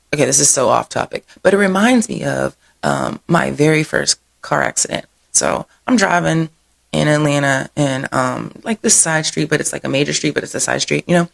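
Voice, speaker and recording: A woman host with a low voice and a gravelly, fry-edged texture. She runs through local happenings in a loose, chatty way. She wanders into side stories, laughs easily and keeps saying "y'all". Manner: rambling, digressive storytelling; says "y'all" often. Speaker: host of a local events show. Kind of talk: casual chatty event rundown.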